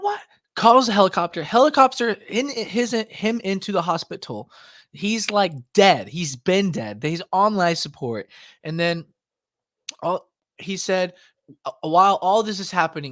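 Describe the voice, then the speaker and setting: A man's voice: on the high side, normal speed, no room sound. A young man telling a story on a casual podcast, acting out the voices of the people in it and leaning on lots of "like" fillers. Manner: animated, acts out voices in quotes, many "like" fillers.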